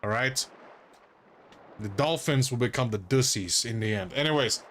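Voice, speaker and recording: A man's voice: medium pitch, moderate pace, long pauses, a bit bright. A man streaming a role-playing game, playful, laughing often and reading the game text aloud. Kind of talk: casual gaming commentary.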